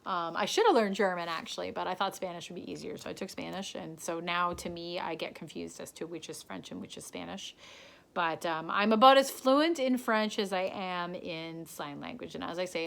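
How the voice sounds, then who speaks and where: A woman's voice: lowish voice, moderate pace, vocal fry, bright, forceful tone. A woman from Canada chatting casually to a pen pal on video, rambling with lots of ums and restarts.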